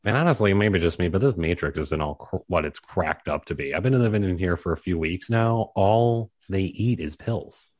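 A man co-hosting a podcast in casual chat, with a deadpan, playful manner. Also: low-pitched, normal speed, hardly any pauses, no echo. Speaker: podcast co-host.

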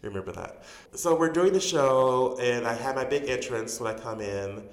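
A man's voice: mid-range voice, normal speed. A man, a stage actor being interviewed, telling stories casually with lots of fillers and restarts. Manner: animated storyteller, many fillers and restarts. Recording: roomy reverberant room.

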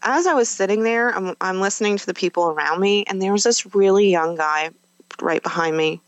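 A woman's voice: mid-range voice, brisk, dry recording, muffled recording. A woman guest on a podcast, candidly recounting a personal experience in a conversational way, with fillers and self-corrections.

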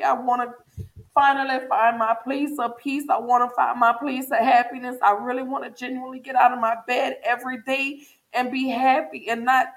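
A grieving woman talks openly and earnestly to her viewers in an emotional personal check-in, repeating phrases for emphasis. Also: high-pitched. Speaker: vlogger.

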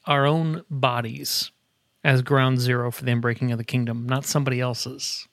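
A middle-aged man co-hosting a casual faith podcast, an animated storyteller who talks in quick bursts and laughs often. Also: medium pitch, dry recording, clean studio sound. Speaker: podcast co-host. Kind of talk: casual chat. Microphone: headset earbuds at a desk.

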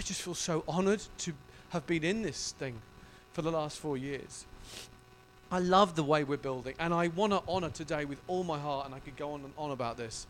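A male pastor preaching a sermon in an emotional, effusive and animated way. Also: high voice, normal speed.

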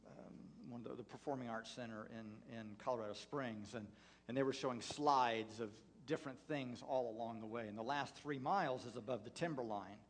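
Man, pastor, rambling sermon, mid-pitched voice, halting delivery. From United States. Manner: rambling, halting with many fillers and restarts. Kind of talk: sermon with personal story.

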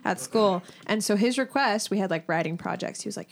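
A woman co-hosting a podcast, telling a story in relaxed casual chat. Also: medium pitch, fairly quick, gravelly, few pauses. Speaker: podcast co-host.

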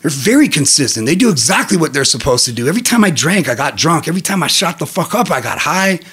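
Bright-voiced man telling loud stories. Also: fairly high pitch, fast talker, husky. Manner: profane, laughing, animated storyteller. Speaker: podcast guest. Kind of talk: storytelling in casual chat.

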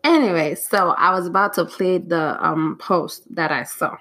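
A woman hosts a casual solo podcast, rambling from point to point and restarting her sentences. She sounds flustered and frustrated, and her speaking voice sits on the lower side. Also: normal speed, fairly bright tone. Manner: rambling, scattered, restarts often. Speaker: podcast host.

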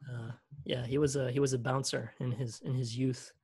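Rambling gravelly man, laughing podcast co-host. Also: mid-range voice, flat delivery, normal speed, darkish tone. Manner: rambling, laughs often, many fillers and restarts. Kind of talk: casual chat.

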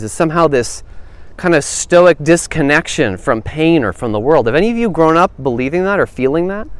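A man leading a small-group Bible study, thinking aloud and asking the group questions in a casual, conversational way. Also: a little high.

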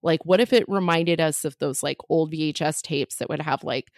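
Comedian lady rambling thru a story on a podcast, kinda low voice, lots of "like", dry close sound. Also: moderate pace, darkish tone, dry recording. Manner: chatty, filler-heavy, jokey asides. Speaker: comedian guest.

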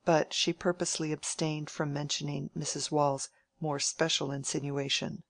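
Low-voiced woman reading a classic novel. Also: flat delivery, normal speed, vocal fry, dry recording. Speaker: audiobook narrator. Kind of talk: scripted narration of a classic novel.

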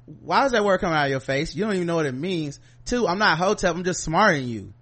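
High-voiced man ranting, profane and animated. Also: quick pace, slightly rough. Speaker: podcast co-host. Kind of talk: casual chat.

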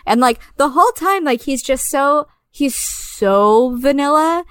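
A woman with a fairly high voice chats loosely about a film with friends, swearing freely and breaking into laughs. Her voice sounds close and dry, with no room around it. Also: lively intonation, unhurried, a bit bright, no room sound. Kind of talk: casual film discussion.

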